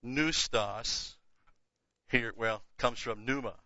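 A man's voice: mid-range voice, slow pace, sharp tone, no room sound. An older man giving a Bible teaching lecture, emphatic, repeating key words and dropping casual asides. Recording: dull lo-fi dry recording.

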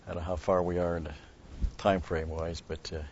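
A man's voice: deep voice, little pitch movement, brisk, darkish tone, a little hiss or hum. A man giving a rambling Bible teaching, stressing key words and restarting his sentences. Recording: dull lo-fi recording.

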